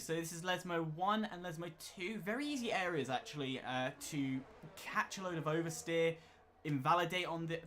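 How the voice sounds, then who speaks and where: A man co-commentates on a sim race, explaining corners and rules in a technical manner. His voice is bright and edgy, sitting a little high. A faint hiss lies under the recording.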